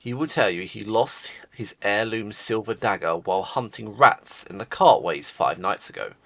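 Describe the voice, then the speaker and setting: A man with a low, gravelly voice narrating a tabletop game as game master. He lays out the story in a brisk, matter-of-fact way. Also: animated, fairly bright tone.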